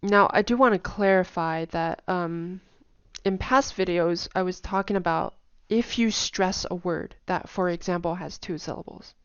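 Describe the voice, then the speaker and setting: A woman casually explaining tone patterns in a lesson, talking in a chatty way with lots of fillers and humming or singing syllables to show pitch. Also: measured pace, clean tone, dry recording, highs cut off. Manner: chatty, many fillers, hums and sings tone patterns. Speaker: language teacher.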